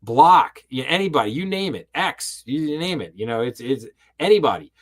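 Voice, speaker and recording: A man's voice: fairly high pitch, big pitch swings, normal speed, hardly any pauses. A man hosting a live-streamed finance show, giving impassioned, sarcastic commentary and often stumbling over repeated words as he gets worked up. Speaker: host.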